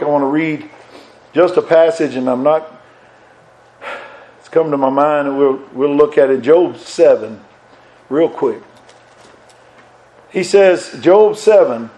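A man's voice: fairly high pitch, mellow, low-quality recording. A male preacher delivering a sermon. He recites scripture in old-fashioned biblical wording, rises in fervent emphasis on repeated refrains, and often restarts and repeats words.

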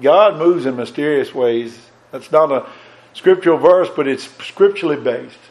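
Preacher guy, kinda high voice, folksy sermon, goes loud then quiet on the scripture. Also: moderate pace.

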